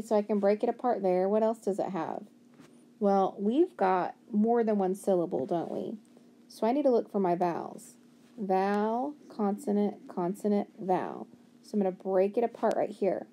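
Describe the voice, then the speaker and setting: Woman slowly sounding out phonics. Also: medium pitch, dark tone. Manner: slow, stretched-out sounding out of word parts; encouraging, asks and answers her own questions. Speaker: teacher. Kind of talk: phonics lesson.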